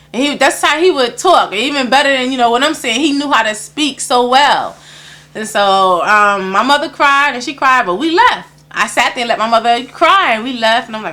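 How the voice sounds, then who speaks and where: A woman's voice: on the high side, expressive, fairly quick, sharp tone. A woman tells personal stories in an interview. She laughs often and acts out the voices of the people she quotes. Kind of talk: personal storytelling.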